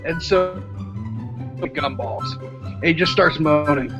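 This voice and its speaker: Gravelly man rambling through a recap. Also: a little high, a little slow. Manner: rambling, many "uh" fillers. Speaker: podcast co-host. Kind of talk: casual storytelling recap. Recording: muffled lo-fi with background music.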